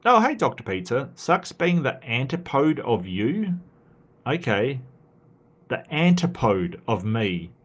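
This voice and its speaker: A man's voice: medium pitch, big pitch swings, slow. An Australian man hosting a casual live stream, reading viewer comments aloud and rambling through replies with frequent restarts.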